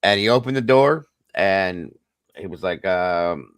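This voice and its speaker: Low-voiced middle-aged man telling a story. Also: expressive, slow, clean tone, dry recording. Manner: earnest personal storytelling, talks straight to viewers. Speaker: host. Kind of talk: casual livestream chat.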